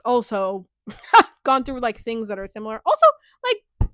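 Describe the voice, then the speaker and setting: A woman's voice: on the high side, wildly swooping pitch, unhurried, fairly bright tone, no room sound, studio quality. A young woman vlogging a casual recap of a reality show, chatty and full of filler words. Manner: chatty, heavy filler words, frequent laughs. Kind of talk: casual reaction chat.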